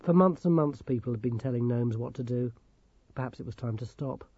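A man reading a storybook aloud in a calm, even manner. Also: medium pitch, a little fast, slightly rough, no room sound, dull audio. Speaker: audiobook narrator. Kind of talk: scripted storybook narration.

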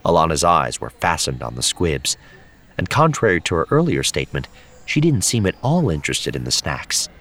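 Brief: deep-voiced male narrator, very low, lively reading. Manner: expressive, measured. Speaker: audiobook narrator. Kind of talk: scripted narration.

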